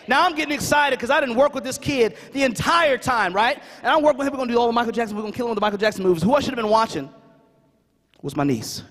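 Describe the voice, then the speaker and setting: A man with a notably high, quick voice delivers a comic keynote, tossing questions at the audience. His words ring through a large hall with a long echo. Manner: animated, asks the crowd questions, fond of "right?". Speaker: conference speaker. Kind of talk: comedic storytelling keynote. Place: conference hall stage. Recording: reverberant conference hall.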